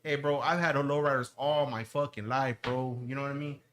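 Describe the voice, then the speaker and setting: Bright-voiced man ranting heatedly. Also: medium pitch, steady tone, fairly quick. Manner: heated ranting, heavy swearing, slangy. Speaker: lowrider owner. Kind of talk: casual podcast chat.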